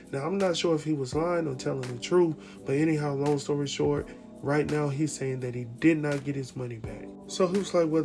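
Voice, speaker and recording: A man with recapping a TV episode in casual commentary, acting out the quotes and laughing often. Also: fairly high pitch. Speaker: TV recap host.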